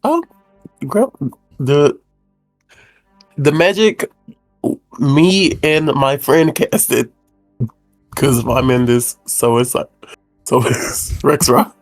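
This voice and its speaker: Slow, halting male player. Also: medium pitch, no echo, soft background music, rough recording. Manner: hesitant, halting. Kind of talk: tabletop role-play chat.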